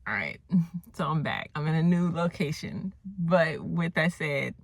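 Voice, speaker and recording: A woman recapping a movie in a casual, rambling way, telling the story with animated asides and exclamations. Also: low-pitched, measured pace, creaky, slight background noise. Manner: animated storyteller who acts out the characters and exclaims at the plot.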